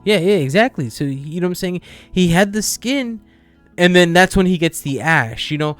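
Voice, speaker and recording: A man's voice: high-pitched, animated, moderate pace, fairly bright tone, no room sound, soft background music. A man co-hosting a casual podcast about games, rambling enthusiastically with lots of fillers. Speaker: podcast co-host.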